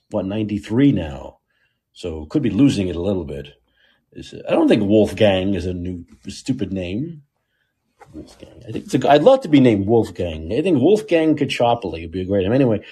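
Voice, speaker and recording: A man's voice: lowish voice, warm tone, husky. Sarcastic ranting male podcast host. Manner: laughs often. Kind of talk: political commentary.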